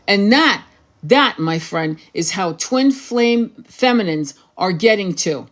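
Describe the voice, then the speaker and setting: A woman's voice: medium pitch, lively intonation, slow. A woman hosting a live spiritual talk as a tarot reader, blunt, profane and fiery, repeating phrases for emphasis.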